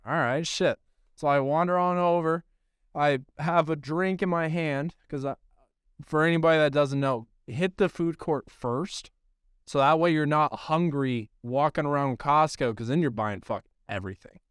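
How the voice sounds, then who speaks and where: A man's voice: fairly high pitch, moderate pace, a bit bright, clean tone, dry recording, studio quality. A man co-hosting a baseball podcast, telling a long profane story in casual chat. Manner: profane, rambling storyteller who acts out quotes. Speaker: podcast co-host, baseball coach.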